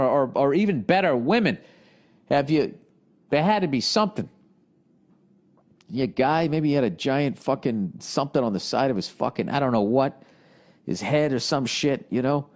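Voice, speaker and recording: In a ranting comedic monologue, this podcast host reads out listener questions and riffs on them with profane exasperation. His voice is medium-pitched and a little mellow.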